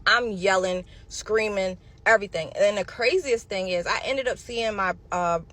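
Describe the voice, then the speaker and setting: A woman telling her own story to viewers in a casual, animated storytime, calling them y'all and honey. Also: medium pitch, moderate pace.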